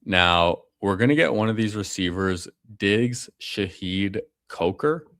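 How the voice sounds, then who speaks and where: A man with a low voice talks through his fantasy football draft in a loose, slangy way, tossing in bro and man. He sounds relaxed and conversational. His voice is close and dry, with no room sound. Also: slow pace, no echo. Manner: casual, slangy, calls people bro and man. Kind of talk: casual live commentary.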